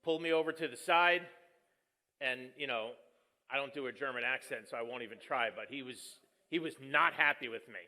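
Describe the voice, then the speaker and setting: Bright-voiced joking pastor. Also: male voice, medium pitch, fairly quick. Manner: joking, storytelling, self-deprecating. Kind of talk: conversational sermon.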